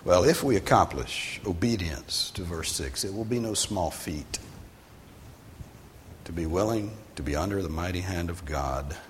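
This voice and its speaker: Low-voiced man preaching in a reverberant hall. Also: a little slow, slight background noise. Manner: conversational preaching, rises in emphasis then drops low. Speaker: pastor. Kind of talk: sermon.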